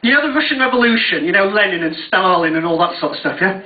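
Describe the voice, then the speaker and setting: Sweary self-mocking comic on stage. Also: male voice, high voice, lively intonation, fast. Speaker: stand-up comedian. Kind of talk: stand-up comedy routine. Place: on stage at a university venue. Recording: tinny, distant, echoey live recording.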